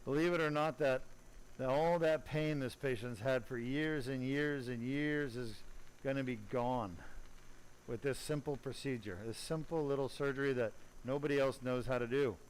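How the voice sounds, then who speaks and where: A man's voice: mid-range voice, normal speed, slight background noise, rough recording. A middle-aged man, a spine surgeon, giving live commentary during surgery, blunt and opinionated with jokey asides to the audience.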